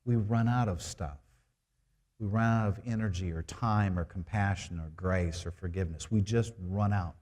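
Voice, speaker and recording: A man's voice: sits low, normal speed, darkish tone. Conversational male preacher. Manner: conversational, rhetorical questions. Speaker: preaching minister. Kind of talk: sermon.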